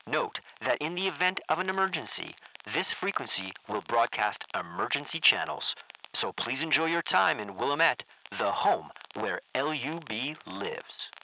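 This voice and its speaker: A man voicing a bright radio station announcer. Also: mid-range voice, lo-fi sound, exaggerated voice. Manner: smooth, formal, promotional. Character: male station announcer in a pre-recorded message.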